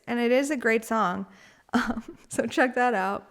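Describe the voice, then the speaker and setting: A woman's voice: fairly high pitch, measured pace. A woman hosting a solo spiritual podcast, talking in a candid, rambling way with frequent laughs and casual swearing. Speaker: podcast host.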